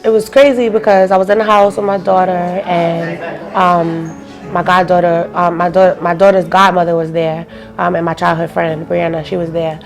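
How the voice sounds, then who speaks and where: A young woman tells a personal story to an interviewer in a loose, casual way, full of fillers, acting out each phone call she recounts. Her voice sits low and stays flat, with little rise or fall. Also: moderate pace, soft background music. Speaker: interview guest.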